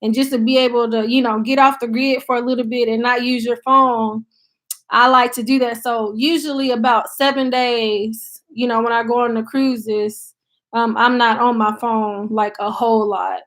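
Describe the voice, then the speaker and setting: A high-pitched woman with an American country accent talks to her viewers in a loose, chatty way. She reads their comments aloud and thinks out loud, with plenty of ums and you-knows. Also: little pitch movement, normal speed. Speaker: YouTube channel host. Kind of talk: casual live-stream chat, reading viewer comments aloud.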